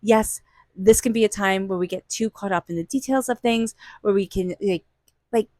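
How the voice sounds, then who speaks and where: Woman, tarot reader, casual and encouraging, middle pitch, dry close recording. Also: normal speed, warm tone, no echo. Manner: earnest, reassuring, repeats phrases. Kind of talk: casual spoken tarot reading.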